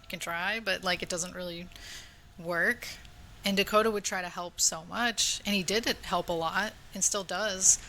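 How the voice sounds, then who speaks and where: Young woman podcast host, bright chatty storyteller, says like a lot, recorded at home. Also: on the low side, fairly even intonation, normal speed, slight background noise. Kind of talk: casual chat. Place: home room.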